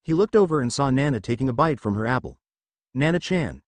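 A man narrating a fan fiction story in an expressive reading style. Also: mid-range voice, fast, dry recording.

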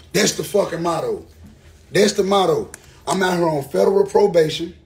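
This is a heated rant to camera from a thirty-something rapper out of Memphis, Tennessee, whose high voice is creaky. In an angry Southern drawl full of profanity, he drives his points home by repeating phrases.

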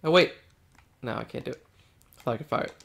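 This gamer talks fast in a mid-range voice that's creaky and fairly bright. Playing a video game alongside a friend, he keeps things loose, joking, teasing, and slipping into mock-regal bits.

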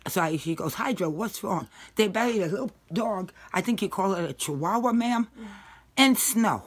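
A woman's voice: mid-range voice, lively intonation, moderate pace, husky. Rambling, salty-tongued woman at home. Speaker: dog owner giving up her pets. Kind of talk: casual chat. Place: indoors in her home.

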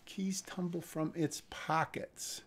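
A man's voice: fairly high pitch, little pitch movement, takes it slowly, slight background noise. A man reading a screenplay aloud on a live stream and critiquing it, thinking aloud with hesitant restarts. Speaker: script reader and critic.

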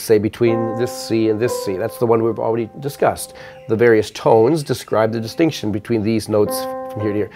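An older man giving a measured, explanatory math lecture, counting notes aloud while playing piano. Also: mid-range voice.

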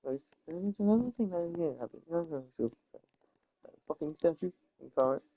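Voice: medium pitch, animated, unhurried, dry recording. A gaming YouTuber giving casual gameplay commentary, swearing, trash-talking the game and muttering asides. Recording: dull lo-fi recording.

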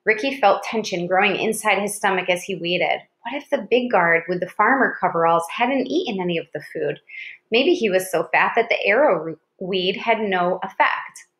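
A woman's voice: medium pitch, lively intonation, moderate pace, a bit bright. A woman narrating a chapter of an audiobook, with small slips and restarts as she reads. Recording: roomy echo.

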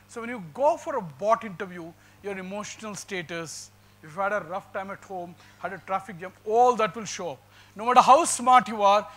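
A man's voice: high voice, fairly bright tone. A middle-aged man with an Indian English accent gives an emphatic motivational talk to students in a lecture hall, asking rhetorical questions and slipping into Hindi. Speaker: guest speaker.

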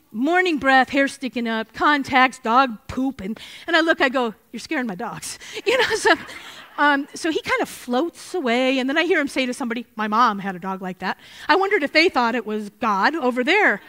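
Animated woman Bible study teacher. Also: high voice. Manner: earnest, animated storytelling with Scripture citations.

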